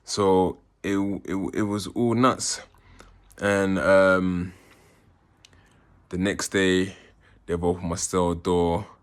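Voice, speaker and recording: A man telling an emotional personal story as an interview guest, halting and often repeating words as he restarts. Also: low voice, fairly even intonation, clean tone.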